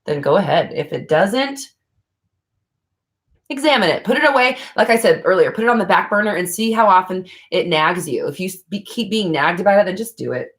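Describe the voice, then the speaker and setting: A woman's voice: mid-range voice, animated, a little fast, fairly bright tone. A woman hosting a livestream, answering viewer questions in a blunt, frank casual chat, swearing freely. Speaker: livestream host.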